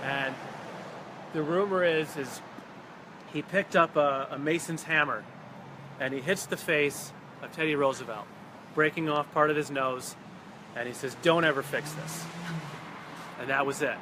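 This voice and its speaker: A man with a fairly high voice tells local history on an outdoor walking tour. He talks in a casual, animated way and acts out the people in his story. Traffic and street noise run clearly behind him. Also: moderate pace, long pauses. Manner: animated, chatty, acts out quotes. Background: traffic and city ambience.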